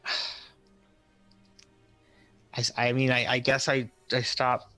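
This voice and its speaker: Slow, hesitant man playing his character. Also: medium pitch, monotone, bright, forceful tone, dry recording, faint music behind. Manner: hesitant, halting in-character speech. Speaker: player. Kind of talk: playing a tabletop game.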